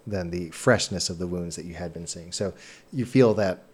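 Deep-voiced man narrating as game master. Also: normal speed, darkish tone, slightly rough.

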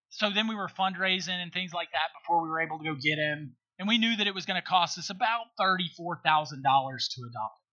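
Middle-aged man, high bright voice, emphatic storyteller who keeps checking in with his listener. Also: dull audio. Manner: earnest, emphatic, checks in with rhetorical questions. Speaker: guest. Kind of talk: conversational storytelling.

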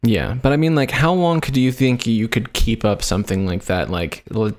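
A man's voice: mid-range voice, normal speed. A man casually recounting a story to friends, rambling with lots of filler words. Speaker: podcast host telling the story. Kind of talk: casual chat.

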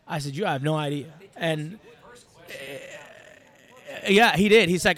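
A man from Iraq, a podcast guest telling his story in an animated, rambling way and acting out what people said. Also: fairly high pitch, fairly quick. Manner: animated, rambling, acts out quotes. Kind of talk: casual storytelling.

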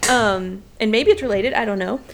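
Relaxed, rambling woman podcast co-host. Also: mid-range voice, moderate pace, a little hiss or hum. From Illinois, USA. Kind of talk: casual chat.

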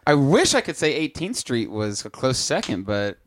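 A man's voice: medium pitch, big pitch swings, moderate pace, slight background noise. A man co-hosting a casual podcast chat, laid-back, swearing freely and leading the round of opinions. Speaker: podcast co-host.

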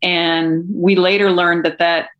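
A woman documentary filmmaker in an interview, telling an anecdote in a lively way and laughing now and then. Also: fairly low pitch, takes it slowly, highs cut off. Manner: animated anecdotal storytelling, laughs often. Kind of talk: interview storytelling.

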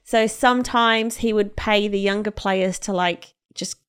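A woman with a mid-range, clean-toned voice co-hosts a podcast at a measured pace. In casual chat she retells a story, animatedly acting out the quotes and laughing often.

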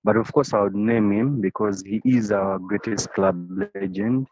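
With a lowish, somewhat mellow voice at a moderate pace, a football fan from Uganda relates a passionate story during an interview, frequently restarting and repeating phrases. The recording is dry and slightly dull.

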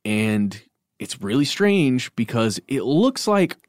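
Man, podcast co-host, casual chat, lively pitch, dry recording. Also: slow pace, no room sound. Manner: lively, asks the others questions.

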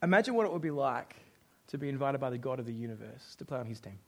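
A man's voice: mid-range voice, quick pace. A young Australian man preaching a sermon as pastor, joking and acting out quoted voices. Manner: jokey, animated, acts out quoted voices.

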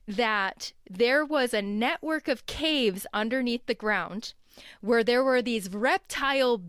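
A woman telling a long, animated story in a casual chat, laughing as she goes. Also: a little high, slow pace, smooth, no room sound, studio quality. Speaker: guest. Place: home.

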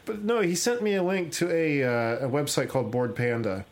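A young adult man hosting a podcast, casually retelling a comic with laughs and quick voiced-out lines. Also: fairly high pitch. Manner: rambling, laughs often, acts out quoted lines. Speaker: podcast host.

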